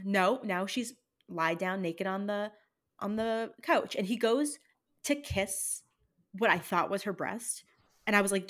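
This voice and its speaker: A woman co-hosting a film podcast, talking through her views in a measured, agreeable way. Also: medium pitch, fairly bright tone. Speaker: podcast co-host. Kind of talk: casual film review chat.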